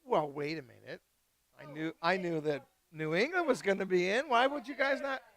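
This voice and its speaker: A man hosting a live wine tasting, chatting casually and excitedly with guests and swearing freely. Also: high-pitched, normal speed. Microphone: live stream mic.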